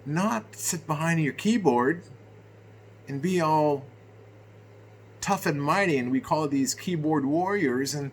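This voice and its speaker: A middle-aged man from Canada, venting to camera in an unscripted rant, animated and indignant, drifting from low musing into loud, exasperated outbursts. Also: slow, long pauses, a little hiss or hum. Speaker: vlogger.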